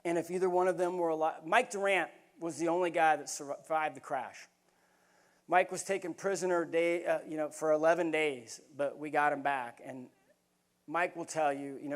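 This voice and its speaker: A middle-aged man speaks from a conference stage in a fairly high voice. He tells stories in an earnest, folksy way and talks to the crowd like neighbors. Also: little pitch movement, a little fast. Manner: storytelling, earnest and folksy, addresses crowd as y'all. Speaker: keynote speaker. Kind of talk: motivational speech. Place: conference hall.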